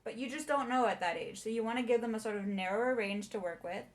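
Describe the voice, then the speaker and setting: A young adult woman voice teacher explaining warm-ups in a chatty way and singing short demonstrations. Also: fairly high pitch, fast talker. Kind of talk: casual video lesson.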